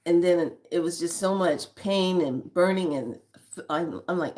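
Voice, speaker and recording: A spiritual vlogger in her fifties chats candidly to her viewers and tells a story, laughing often. Her voice is lowish and darkish, and she's unhurried.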